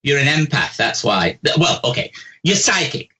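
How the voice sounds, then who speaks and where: A man giving callers blunt, animated psychic readings on live call-in radio. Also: medium pitch, normal speed, low-quality recording. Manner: blunt, chatty, animated, says "bugger off", "bloody", "love", "posh".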